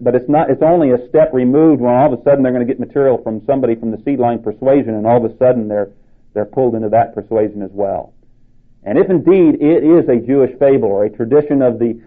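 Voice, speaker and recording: Male preacher, earnest and measured, narrow tinny phone-line sound. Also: fairly low pitch. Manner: measured, earnest, restarts phrases. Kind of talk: sermon.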